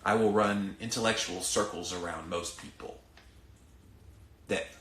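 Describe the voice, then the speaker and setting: Deep and steady, this Southern podcast host's voice comes a little slow and a bit bright, with roomy sound and slight background noise. The middle-aged man delivers ranting commentary, preaching emphatically and addressing listeners directly.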